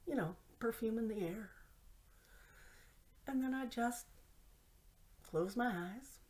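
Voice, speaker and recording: A woman's voice: fairly high pitch, animated, slow pace, long pauses, a little mellow. A middle-aged woman telling humorous stories in a playful, self-mocking way, often dropping to a whisper for asides. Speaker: host. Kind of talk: humorous storytelling monologue.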